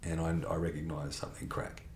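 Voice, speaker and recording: A man's voice: very deep voice, completely flat delivery, brisk, a little mellow, echoey room, a little hiss or hum. A middle-aged man telling a candid personal testimony in conversation, blunt and rambling with restarts and mild swearing. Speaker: interview guest.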